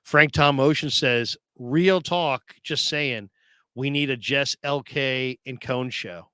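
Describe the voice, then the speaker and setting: A man's voice: medium pitch, takes it slowly, bright, forceful tone, clear, resonant tone, no echo. A man hosting a casual sports talk show, reading viewer comments aloud and laughing often.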